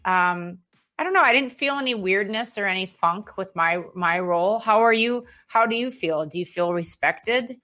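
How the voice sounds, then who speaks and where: A woman's voice: medium pitch, normal speed, sharp tone. A woman hosting a casual chat, telling rambling anecdotes with a bit of swearing. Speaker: host.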